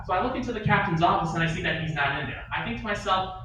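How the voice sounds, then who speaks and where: On a bar and grill stage, a man performs stand-up, telling a story with chatty asides to the crowd. His high-pitched voice races along, pushed and bright with lively intonation, picked up by a distant mic in an echoey bar room with a little hiss or hum.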